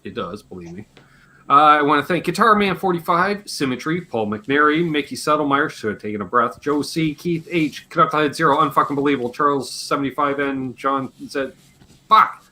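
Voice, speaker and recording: A man with a slightly hoarse voice, hosting a casual live Q&A stream, rambling and joking and swearing offhand. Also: fairly high pitch, lively intonation, brisk, sharp tone. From Canada. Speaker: livestream host.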